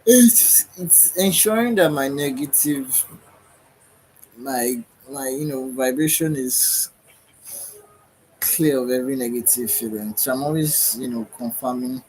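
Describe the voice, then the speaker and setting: A man's voice: mid-range voice, a little slow, long pauses, darkish tone, slight background noise, poor audio. A tired man hosting a livestream, giving a rambling spiritual monologue and often searching for his words. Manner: meandering, searching for words, frequent "right?". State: tired, yawning. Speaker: livestream host.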